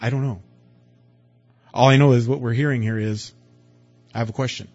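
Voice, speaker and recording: A man preaching a sermon in a conversational way, asking rhetorical questions and swinging from loud to quiet. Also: medium pitch, fairly even intonation, moderate pace. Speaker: pastor. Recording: dull lo-fi recording with faint music.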